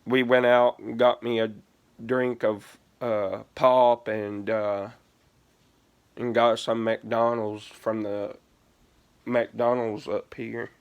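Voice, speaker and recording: Slow, smooth-voiced man rambling casually. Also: medium pitch, level tone, highs cut off. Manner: rambling, profane, heavy use of "like". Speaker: gaming vlogger. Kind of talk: casual storytelling vlog.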